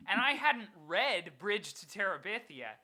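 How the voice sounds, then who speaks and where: A young adult podcast co-host chatting casually and telling animated stories. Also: medium pitch, measured pace. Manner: animated storyteller. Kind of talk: casual chat.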